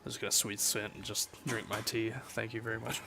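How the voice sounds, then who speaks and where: A man's voice: lowish voice, level tone, brisk, creaky. A young man chatting casually on a gaming livestream, joking and reading chat aloud, with faint music behind him. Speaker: streamer.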